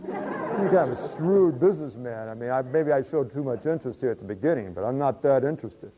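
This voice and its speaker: A man's voice: medium pitch, expressive, a little fast, warm tone, a faint crowd, close to an everyday voice. A man voicing an eager, folksy everyman buyer who talks in a casual, drawling way. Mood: pleading. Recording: dull lo-fi recording.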